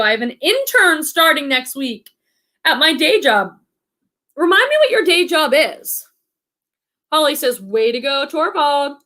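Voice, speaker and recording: Her voice is high-pitched, bright and forceful, with a slight Boston accent. She's a livestream host from the Boston area, keeping things casual and upbeat while she reads comments from viewers aloud.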